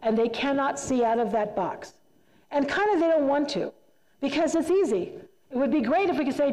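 This retreat speaker has a warm, high-pitched voice with lively intonation and a moderate pace. Talking to a church group in a church hall, she stays emphatic and conversational, repeating herself for emphasis amid the hall's long reverb.

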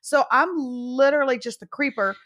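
A woman's voice: high-pitched, normal speed, fairly bright tone. A middle-aged woman co-hosting a podcast, chatting casually with a playful, comic delivery. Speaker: podcast co-host. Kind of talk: casual chat.

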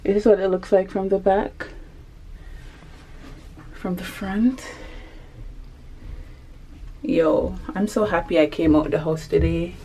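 A woman's voice: lowish voice, steady tone, takes it slowly, long pauses, dark tone, slight background noise. Playful, slangy young woman vlogging. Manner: playful, slangy, laughs often. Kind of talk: casual vlog chat. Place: clothing shops and city streets.

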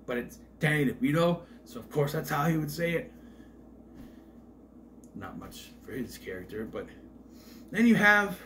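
A man's voice: mid-range voice, a bit bright, a little hiss or hum. A man casually rambling through a movie rundown, hesitant and wry with frequent asides. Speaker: movie reviewer.

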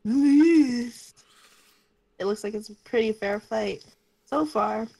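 A woman's voice: mid-range voice, normal speed, creaky, slightly rough. A woman streaming a game, reading its text aloud in a casual, laughing way.

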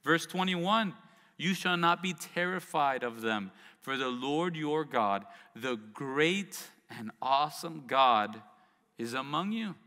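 A man with a fairly high, bright, forceful voice preaches a sermon, moving between scripture reading and chatty asides full of rhetorical questions. His voice carries a long reverb, as if heard through a church hall. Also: animated, slow. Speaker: pastor.

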